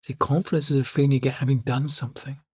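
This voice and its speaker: A man who coaches people speaks in a calm, reflective way and comes back to his main points. His voice has a slightly husky grain at a middle pitch. The recording is close and dry, with no room sound. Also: fast talker, no echo. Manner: calm storytelling, repeats key lines. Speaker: life coach. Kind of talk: reflective podcast monologue.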